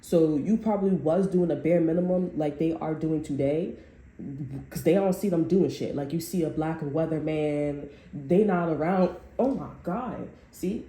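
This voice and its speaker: Dark-voiced woman ranting profanely. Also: sits low, unhurried. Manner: profane, rambling, emphatic. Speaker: tarot reader. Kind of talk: casual unscripted tarot monologue. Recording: echoey room with faint background noise.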